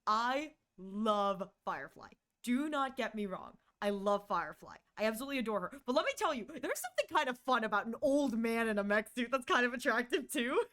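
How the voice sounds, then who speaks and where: A high-pitched woman streamer chats casually with her viewers into a desk mic. Her voice is smooth and clear, and she giggles, rambles and stumbles over restarts in a playful way. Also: very animated, fairly quick, few pauses, a bit bright.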